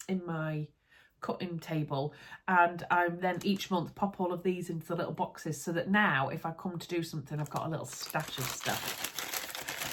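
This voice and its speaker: A woman with a Yorkshire accent, chatting casually to camera in her home sewing room while unboxing supplies, bubbly and easily excited. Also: low-pitched, a little hiss or hum. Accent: Yorkshire English. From Yorkshire, England. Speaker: sewing vlogger.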